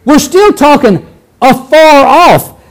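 Male preacher, conversational sermon, very high and lively voice, restarts often. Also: slow pace, low-quality recording. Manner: animated, conversational, acts out scenes, frequent restarts.

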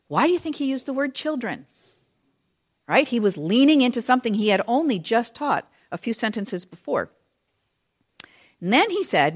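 A middle-aged woman preaching a sermon and telling the story with animated, acted-out voices, addressing the children in the room too. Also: fairly high pitch, moderate pace. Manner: speaks to children in the audience.

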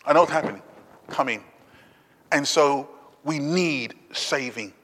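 A man preaching a sermon, swinging between loud urgent appeals and quiet, low asides. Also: unhurried, big-room sound.

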